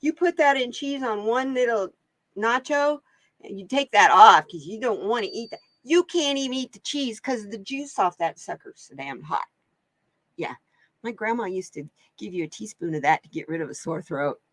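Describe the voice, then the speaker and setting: A chatty woman from Oregon hosts a live card-reading stream, tossing out exclamations and laughing easily. Her voice sits at a middling pitch. It is recorded close and dry, with little room sound. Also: expressive, moderate pace, fairly bright tone, no room sound. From Oregon, USA. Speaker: host and card reader. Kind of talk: casual live-stream chat.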